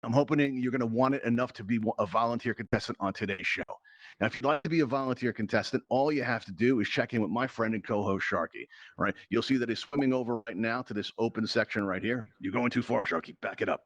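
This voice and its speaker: A man hosting a game show, talking fast in a chatty, joking patter full of asides and fillers. His voice sits at a middle pitch. The sound is close and dry, as if through a headset mic. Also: dry recording, highs cut off. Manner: chatty, rambling, jokey, lots of fillers and asides. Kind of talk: playful game show patter in virtual reality.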